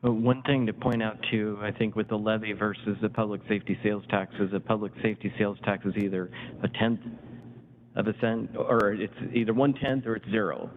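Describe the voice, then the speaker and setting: Man, council member, low flat voice, hedging, tinny audio. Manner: thinks aloud, hedges. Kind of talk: public meeting discussion. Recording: tinny phone-like audio with faint hiss.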